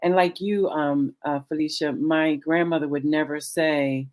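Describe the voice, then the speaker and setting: A woman's voice: deep voice, fairly even intonation, unhurried, a little mellow. A middle-aged woman speaking as a guest on a talk show, earnest and candid, with lots of "you know" fillers. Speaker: guest, cancer survivor.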